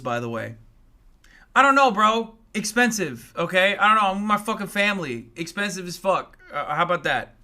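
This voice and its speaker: Man, streamer, angry profane rant, sarcastic, high voice. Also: pushed and bright. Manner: mocks critics in exaggerated voices. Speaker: political commentator and Twitch streamer. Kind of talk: livestream rant.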